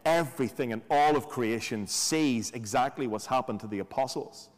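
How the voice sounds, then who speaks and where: A man preaches in a relaxed, conversational way, sprinkling in rhetorical questions and dry asides. His voice sits at a middle pitch. Long reverb from a large hall trails every phrase. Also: normal speed, few pauses. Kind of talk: sermon.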